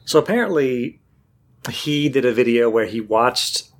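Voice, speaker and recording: Man, casual chat, storytelling, mid pitch, acts out quotes. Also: animated, a little slow.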